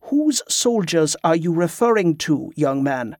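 A composed man of authority speaks in measured, formal sentences and keeps his calm, as a man reading the story plays him. His voice sits close to the reader's own. The audiobook sound is dry and close. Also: on the high side, dry recording.

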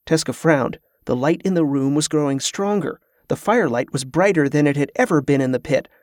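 A man reading a fantasy audiobook in a steady, measured voice, his pitch a touch above the usual for men. The recording is dry and close, with no room sound. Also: no room sound. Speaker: narrator.

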